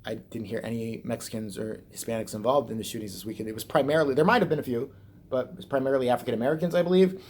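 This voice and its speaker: A man's voice: mid-range voice, racing, darkish tone. Profane, sarcastic ranting man. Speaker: vlogger. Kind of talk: rambling satirical rant.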